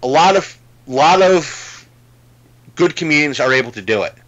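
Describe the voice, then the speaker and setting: A man's voice: a little high, animated, normal speed, a bit bright, lo-fi sound. A man in a casual podcast chat, retelling a comedy bit in a rambling way, full of fillers and restarts.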